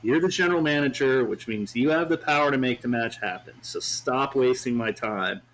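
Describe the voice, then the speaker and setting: A man's voice: medium pitch, normal speed, fairly bright tone, slight background noise, lightly acted, poor audio. A man voicing a haughty, demanding female wrestler who bosses her manager around, in a condescending tone. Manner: bossy and condescending.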